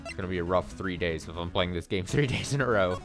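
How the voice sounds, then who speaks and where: Brief: hoarse young male streamer, rambling jokey chat, low voice over loud music. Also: quick pace. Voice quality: worn, nearly lost voice. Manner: rambling, joking, lots of "like". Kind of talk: casual let's play commentary.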